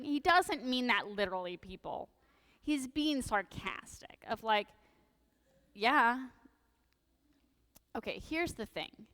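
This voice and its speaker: Woman priest, bright, slightly high voice; lively, humorous sermon delivery. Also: slow pace, long pauses, long reverb tail. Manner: animated, jokey, sarcastic asides. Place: church sanctuary.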